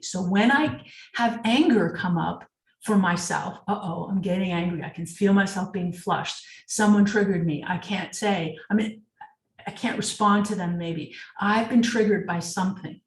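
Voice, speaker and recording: A woman's voice: medium pitch, moderate pace. Emphatic woman coach in an echoey room. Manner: emphatic, rhetorical questions to the audience. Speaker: sales leadership coach. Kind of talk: webinar talk. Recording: echoey room, distant mic.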